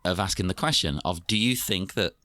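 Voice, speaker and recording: A man's voice: deep voice, brisk, bright, forceful tone, dry recording, studio quality. A man co-hosting a film podcast, talking in a wry, giggly way. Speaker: podcast co-host. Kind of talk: casual film discussion.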